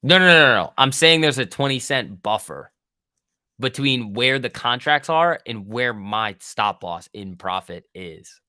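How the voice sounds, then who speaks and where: A man's voice: mid-range voice, lively intonation, a little slow, sharp tone, no room sound, studio quality. A man hosting a live day-trading stream, giving casual, profane, joking commentary and bantering with his chat. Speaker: day trading livestream host.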